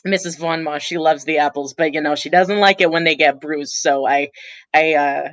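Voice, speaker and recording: A woman's voice: low voice, steady tone, normal speed, dry recording, natural voice. A woman voicing a flustered man who stammers while guarding his apples, in a tabletop game.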